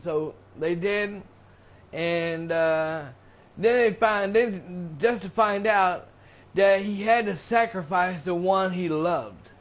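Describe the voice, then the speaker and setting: A man with a high voice casually recaps a movie for his live stream. He rambles, stumbling over restarts and constant fillers. The audio sounds dull and lo-fi. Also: slow. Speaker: gaming streamer reviewing a movie.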